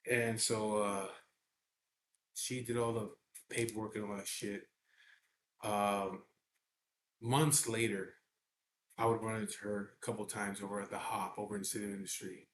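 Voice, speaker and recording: A middle-aged man with a lowish, fairly flat voice tells a personal story, speaking a little slowly and pausing often. He's blunt, profane and casual, using double negatives. The room is echoey, with faint background noise.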